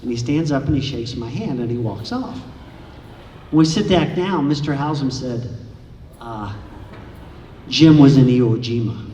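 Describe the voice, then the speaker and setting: A man giving an author's talk at a library, telling anecdotes in a lively way and acting out the dialogue. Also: mid-range voice, moderate pace, dull audio. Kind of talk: storytelling lecture to an audience. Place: large echoey lecture room. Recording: echoey hall from far off, faint hiss.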